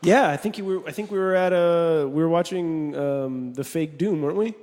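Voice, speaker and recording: A laid-back man chatting on a podcast in a somewhat high voice. He is easygoing and agreeable, and his words ring out into a reverberant room. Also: normal speed, background noise. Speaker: podcast co-host. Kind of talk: casual chat.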